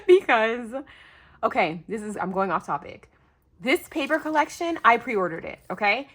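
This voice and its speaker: A young woman from the United States chats her way through opening a package from a fellow crafter. Her voice is bright and high and swings widely in pitch. She is gushing and overwhelmed, close to tears. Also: normal speed. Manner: gushing, talkative, breathless bursts of excitement. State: emotional, near tears. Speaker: craft YouTuber. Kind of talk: excited unboxing vlog.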